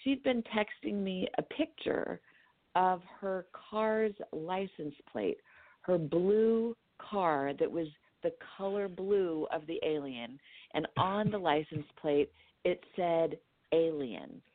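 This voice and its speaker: A woman from California, a dream therapist telling a personal story as a podcast guest, animated and acting out what people said. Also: lowish voice, slow pace, no echo. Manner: animated storyteller who acts out her own quotes. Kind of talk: storytelling in a conversational interview. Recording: tinny phone-like line, dry.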